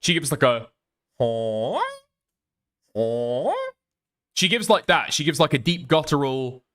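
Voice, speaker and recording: A man's voice: on the high side, fairly quick, bright, forceful tone. A man doing casual reaction commentary on a stream, chatty and profane, often laughing as he talks.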